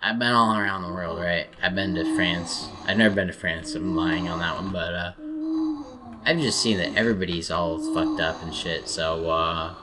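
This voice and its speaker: Deep-voiced guy ranting sarcastically. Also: fairly even intonation, normal speed, very noisy. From United States. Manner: rambling, profane, sarcastic. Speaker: gaming commentator. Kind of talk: rambling rant over gameplay.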